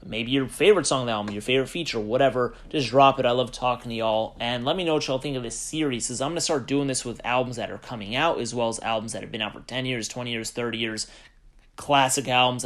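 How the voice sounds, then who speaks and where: A man talks straight to his viewers about an album, thinking aloud as he goes. He rambles, circles back, and fills gaps with loose fillers in a mid-pitched voice. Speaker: music reviewer vlogger. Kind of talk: casual unscripted talk to camera.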